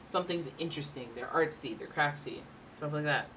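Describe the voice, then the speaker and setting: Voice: mid-range voice, brisk, fairly bright tone, distant mic, a little hiss or hum. A tarot reader giving a casual, rambling reading with playful asides.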